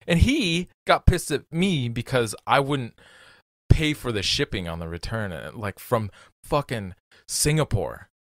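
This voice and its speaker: A man's voice: mid-range voice, expressive, unhurried, fairly bright tone, dry recording, studio quality. A man co-hosting a casual chat as a custom knife maker, talking bluntly and profanely with frequent laughs.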